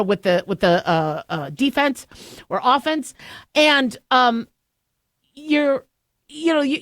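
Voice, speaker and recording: A middle-aged woman hosting a radio talk show, chatting in a rambling, animated way with many fillers and restarts. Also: fairly high pitch, dry recording, studio quality. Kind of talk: casual radio monologue. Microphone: studio microphone.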